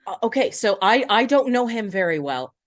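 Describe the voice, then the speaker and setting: A woman's voice: medium pitch, sing-song, moderate pace. A woman hosting a podcast in casual chat, talkative and thoughtful, asking open questions. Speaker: podcast host.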